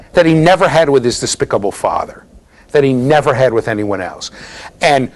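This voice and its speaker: A man giving a university classroom lecture, telling a story with lots of animation and often checking in with "right?" and "okay?". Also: on the high side. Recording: 2009 lecture hall recording.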